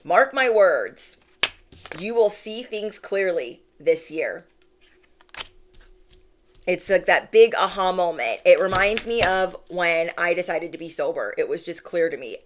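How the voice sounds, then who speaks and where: A woman's voice: on the low side, expressive, unhurried, a little hiss or hum. A woman in her thirties giving a spiritual reading to her viewers, emphatic and playful, repeating phrases for effect. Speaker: intuitive tarot reader.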